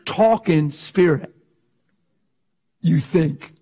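A man preaching with fiery passion, his voice sitting high for a man. He talks with lively animation, slipping into mock voices to make a point. He sounds middle-aged. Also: very slow, husky. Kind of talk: sermon.

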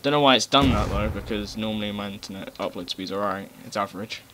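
A man giving casual live commentary over his gameplay, rambling, swearing and breaking into loud outbursts. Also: lowish voice, fast. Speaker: gaming commentator. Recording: game gunfire noise behind voice. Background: gunfire and explosions from the game.

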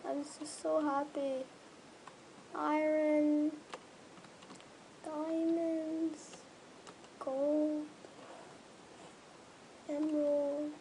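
A young gaming creator commenting excitedly on their own play, with gushing, squealing bursts of excitement. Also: high-pitched, extremely slow, long pauses, slight background noise, rough recording.

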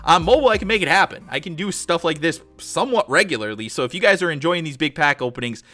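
Young man, gaming commentary, fairly high voice, faint music behind, hyped and casual. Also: lively intonation, fast talker. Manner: hyped, exclaims loudly at big pulls; casual, says dude and guys a lot. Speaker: gaming YouTuber. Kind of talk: excited pack-opening commentary.

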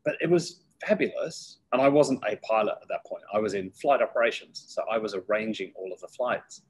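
A middle-aged man, a guest in an interview, telling stories from his career in a lively way and acting out the voices of people he quotes. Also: fairly low pitch, fairly quick, breathy edge, rough recording. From United Kingdom. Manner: lively storyteller who acts out quoted voices. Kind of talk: casual interview storytelling.

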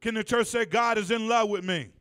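The man's voice sits high, with a clean, slightly bright tone, as he preaches a sermon in a church sanctuary. As pastor, he works call-and-response with the congregation and stretches out key phrases to underline them.

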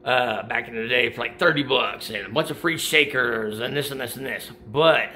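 Faint music plays behind a middle-aged vlogger who dispenses supplement advice. Winded from exercise, he chats loosely about workout gear and supplements, wandering and restarting sentences, in a medium-pitched, pushed, bright voice at a moderate pace.

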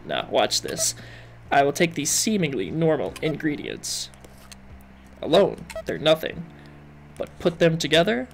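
A man's voice: fairly high pitch, huge pitch swings, unhurried, creaky, pauses often, faint music behind. A young man giving playful, joking let's-play commentary as he works through a game. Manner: playful, jokey, chatty with game characters. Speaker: gaming video host.

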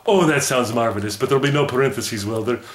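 A man's voice: medium pitch, quick pace, reverberant, lightly acted. A man voicing an eager, polite puppy puppet in a classroom lesson video. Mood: cheerful. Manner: polite, eager, a bit formal. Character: puppy mascot "Math Mud", eager male dog puppet.

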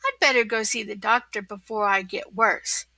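A woman reading a storybook aloud and voicing an excitable young male sea sponge who is sick, with high squeals and loud sneezes. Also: normal speed, gravelly, no room sound, studio quality. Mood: anxious.

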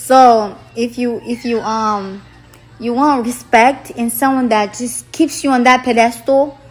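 A woman's voice: fairly high pitch, fairly even intonation, measured pace, faint music behind, rough recording. A woman giving a casual, joking monologue to the camera and laughing at her own lines.

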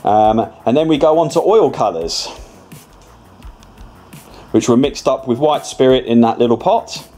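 Narrating a scale-model tutorial, this man chats casually and rambles, often restarting and correcting himself as he explains. His mid-range voice has a dark tone, moves a little slowly and pauses often. Faint music plays in the background.

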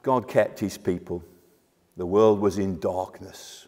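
Slow, emphatic preacher. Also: male voice, low-pitched, fairly even intonation, dark tone. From half Greek heritage. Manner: emphatic, with dramatic pauses and asides. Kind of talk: sermon. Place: church. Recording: long church reverb.

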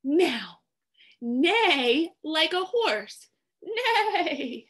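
A woman teacher reading a picture book aloud to young children, slow and animated. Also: high-pitched.

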